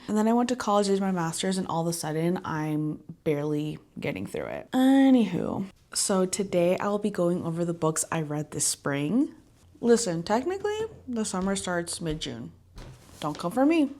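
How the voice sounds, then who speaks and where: A woman's voice: on the low side, darkish tone. A young woman talking casually and playfully to her viewers as a book vlogger, with bursts of enthusiasm. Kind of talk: casual chat.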